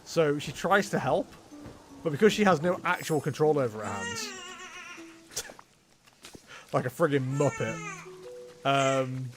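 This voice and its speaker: A man's voice: mid-range voice, slow, pauses often, music in the background. A man chatting casually and rambling with self-mocking humor while livestreaming a game. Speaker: streamer. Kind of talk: casual gameplay livestream chat.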